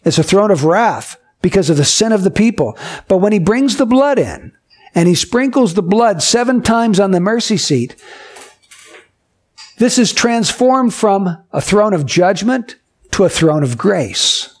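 Man, preacher, sermon, high voice, explanatory, emphatic on key words, everyday illustrations. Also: lively intonation. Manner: explanatory, uses everyday stories to illustrate doctrine; emphatic, with slow stressed key phrases.

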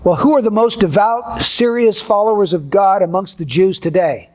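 A male pastor preaching a sermon in a measured, deliberate way, building repeated contrasts. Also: sits high, darkish tone.

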